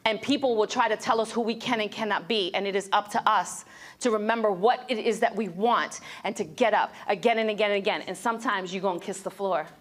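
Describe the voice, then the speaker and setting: Woman motivational speaker, lively storyteller, handheld mic at a breakfast event. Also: medium pitch, fairly quick. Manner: animated storyteller, acts out quoted voices. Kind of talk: motivational speech to students.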